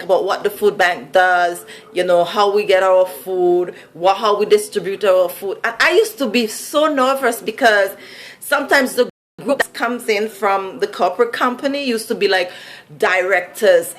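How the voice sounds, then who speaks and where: A woman's voice: mid-range voice, a bit bright. A woman from Saint Vincent with a Vincentian accent, telling a personal story in a casual, chatty way full of fillers. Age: adult. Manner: chatty, many "like" and "you know" fillers.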